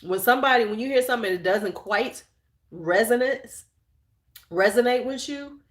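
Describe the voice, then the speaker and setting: Host type: outspoken woman in casual live chat, profane and animated, echoey room. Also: fairly high pitch, normal speed. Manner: blunt, profane, animated storyteller; reads and answers viewer chat. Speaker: channel host.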